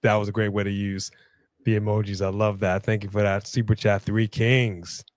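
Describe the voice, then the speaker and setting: A man co-hosting a casual live stream, reacting aloud and shouting at the screen. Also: lowish voice, little pitch movement, moderate pace, no echo. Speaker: co-host.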